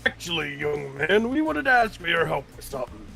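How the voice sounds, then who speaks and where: A man's voice: fairly high pitch, sing-song, brisk, creaky, bright, forceful tone, faint music behind, exaggerated voice. A man reading the lines of an overconfident, nervous young male bar patron in a visual novel. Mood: cocky.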